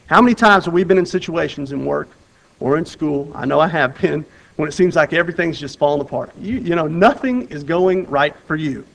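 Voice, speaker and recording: A man preaching in an earnest, conversational manner, his voice sitting a little high for a man. He often circles back and restarts his phrases. His delivery swings between loud bursts of urgency and soft, quiet emphasis. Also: expressive, a little fast, creaky, poor audio. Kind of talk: sermon with Bible reading.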